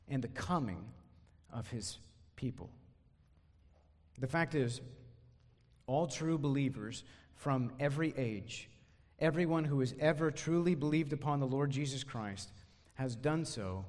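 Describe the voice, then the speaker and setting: A man's voice: mid-range voice, darkish tone, in a large hall. A man preaching an expository sermon, emphatic, often repeating words as he drives a point home.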